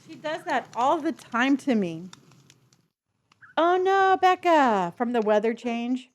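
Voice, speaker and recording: A woman's voice: on the high side, animated, moderate pace. A woman from California, with a faint Southern lilt in her otherwise neutral accent, chatting casually with viewers on a live stream. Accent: slight Southern lilt mixed with neutral Californian. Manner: chatty and friendly, talks to pets and chat.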